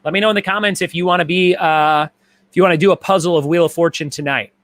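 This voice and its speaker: A man with a slightly high voice hosts a live-streamed trivia night. He reads answers and questions as lists and repeats them for the players. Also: fairly even intonation, fast, a bit bright, slight background noise. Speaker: trivia host.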